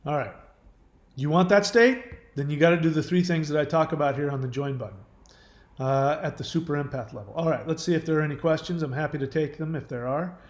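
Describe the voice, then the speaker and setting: A man's voice: a little high, fairly quick, echoey room. A man hosting a casual livestream, answering viewer questions earnestly with fillers and restarts.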